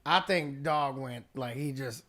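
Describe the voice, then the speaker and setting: A man's voice: mid-range voice, unhurried. A man hosting a podcast, telling stories in a casual chat, laughing often and acting out what others said. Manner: animated storyteller, laughs often, acts out quotes. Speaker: podcast host.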